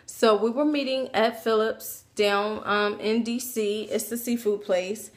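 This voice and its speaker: A woman telling a personal story to her camera in a casual, animated way, acting out what people said. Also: a little high, a little slow. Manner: animated, acts out quoted voices, chatty asides. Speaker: vlogger.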